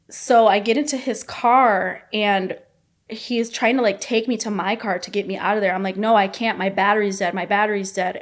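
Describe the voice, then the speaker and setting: A young woman as a podcast guest, candidly retelling a painful story, blunt and swearing freely. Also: medium pitch.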